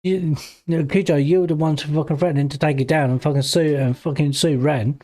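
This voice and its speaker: A man comments on a clip with indignation, cursing freely as he goes. His voice sits somewhat high yet sounds soft and mellow rather than bright. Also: fairly even intonation, fast, no room sound. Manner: indignant, swears heavily. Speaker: reaction channel host. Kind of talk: reaction commentary.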